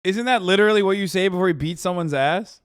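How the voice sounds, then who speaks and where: A man in his thirties reacting on a livestream, incredulous and profane, with loud outbursts. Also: sits high, fast talker, smooth, no echo, studio quality. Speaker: streamer reacting to clips.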